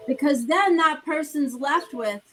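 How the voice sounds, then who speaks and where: A woman's voice: high-pitched, unhurried, very noisy. A woman co-hosting a talk show who explains her points conversationally and drives them home with rhetorical questions. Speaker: co-host. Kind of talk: casual motivational talk.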